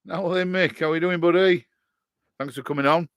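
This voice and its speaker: A man's voice: a little high, fairly even intonation, a little fast, smooth, dry recording, studio quality. A man, a bit tipsy, chatting casually on a live stream from his shed and greeting viewers by name. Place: garden shed.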